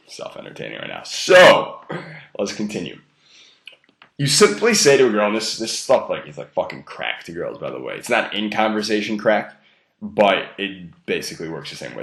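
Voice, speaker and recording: A man's voice: fairly low pitch, a bit bright, echoey room. A young man giving blunt, profane dating advice in a casual monologue, heavily stressing key words and amusing himself. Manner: blunt, profane and self-amused.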